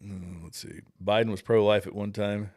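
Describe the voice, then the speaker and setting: A man's voice: on the low side, fairly even intonation, moderate pace, darkish tone. A man in his thirties hosting a livestream, giving casual, rambling political commentary while reading viewer comments, often restarting his sentences. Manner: rambling, with frequent restarts and asides. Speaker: livestream host.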